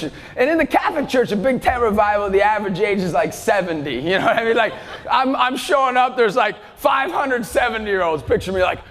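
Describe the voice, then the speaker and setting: A man in his thirties giving an intense, shouting, jokey faith talk to a live audience. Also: high voice. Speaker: youth speaker. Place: large event hall. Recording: long hall reverb, faint crowd.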